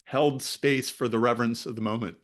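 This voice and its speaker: A man's voice: mid-range voice, brisk. A man telling a personal story to a discussion group, acting out the other people in it. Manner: animated, acts out other people's lines in the story. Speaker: discussion leader. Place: online video meeting.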